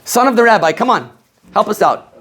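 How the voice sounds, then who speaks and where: A man from Maryland, USA, teaching a class of rabbinical students in a lively, questioning way, laughing often. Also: high-pitched, brisk.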